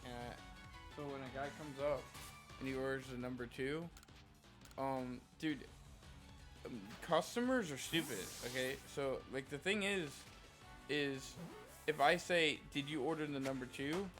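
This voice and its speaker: A man's voice: mid-range voice, unhurried, pauses often, over music. A male live streamer telling a rambling, profane story in casual chat, full of "like" fillers.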